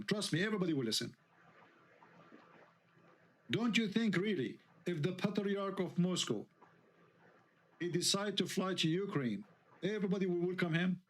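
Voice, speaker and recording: A man's voice: high voice, expressive, moderate pace, pauses often. Indignant man. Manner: heated, indignant, rhetorical questions. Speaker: online show host. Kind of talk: live online debate talk.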